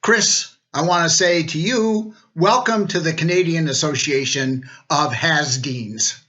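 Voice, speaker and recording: A man's voice: fairly high pitch, a bit bright, lo-fi sound. An older man, a retired law dean, giving a wry, joking recorded greeting.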